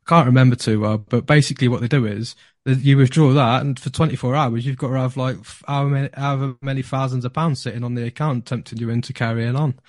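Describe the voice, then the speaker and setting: A man, a podcast guest telling a story in a casual, animated way, laughing often and repeating words when excited. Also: medium pitch, fast talker, few pauses, no room sound, studio quality.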